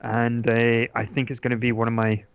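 A man's voice: medium pitch, completely flat delivery, moderate pace, vocal fry. A man chatting casually about board games, rambling with lots of ums and restarts. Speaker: podcast guest talking board games. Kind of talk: casual chat. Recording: dull lo-fi dry sound.

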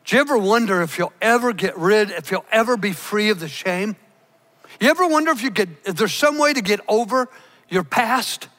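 A man preaching a sermon, emphatic, slowing down to stress key words. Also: high voice, animated, sharp tone. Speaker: pastor. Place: church.

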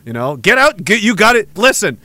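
Man from Canada, livestream rant, sarcastic, swears a lot, crisp tense tone. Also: high voice, very animated, a little fast, pushed and bright, dry recording. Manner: sarcastic, profane, laughing often. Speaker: livestream host. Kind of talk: livestream rant reading chat.

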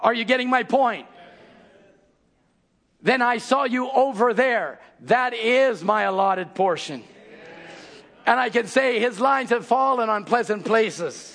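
High husky preacher shouting fervently. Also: male voice, slow, long pauses. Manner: shouting exhortations, rising to high pitch. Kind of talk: fiery sermon.

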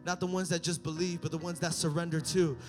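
A young man preaching a sermon, telling stories and building up to shouted climaxes. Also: on the high side, flat delivery, fast talker, soft background music.

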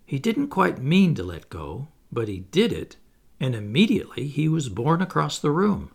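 A man reading a children's story aloud as narrator, in an expressive, playful way. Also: a little high, normal speed, vocal fry. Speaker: audiobook reader.

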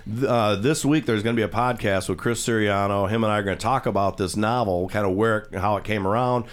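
A man's voice: fairly low pitch, a little fast. A man hosting a radio talk show, chatting casually with guests and explaining things at length. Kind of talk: casual studio chat.

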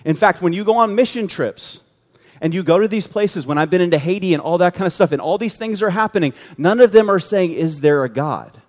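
A man with a fairly high voice preaches a sermon in a casual, joking way. His voice rings out with long reverb from a church hall. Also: fast talker, darkish tone. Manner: conversational, joking storyteller. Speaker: youth pastor.

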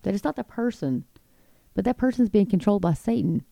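A woman's voice: medium pitch, lively intonation, brisk, vocal fry, dark tone, dry recording. A middle-aged woman giving impassioned Christian commentary on the news, reading quotes aloud and breaking in with indignant asides.

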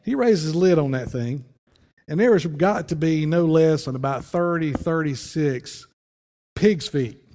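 A pastor telling a story in a folksy, conversational sermon, with frequent restarts. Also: male voice, fairly high pitch, a little slow, darkish tone. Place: church sanctuary. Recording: long church reverb.

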